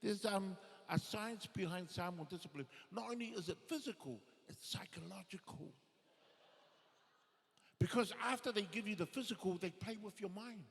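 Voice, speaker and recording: A male comedian telling stories as stand-up comedy, lively and acting out the people he quotes. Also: high-pitched, moderate pace, vocal fry. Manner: animated, acts out quoted voices. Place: live show in an arts and events centre. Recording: reverberant theatre hall.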